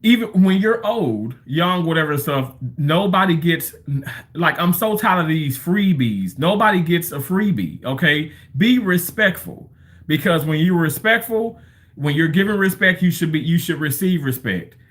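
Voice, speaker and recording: A man in his thirties or forties talks through a loose, rambling livestream monologue, chatting and telling stories as he goes. His voice sits a little on the high side, and he swears casually in the middle of his sentences. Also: lively intonation, moderate pace, a bit bright.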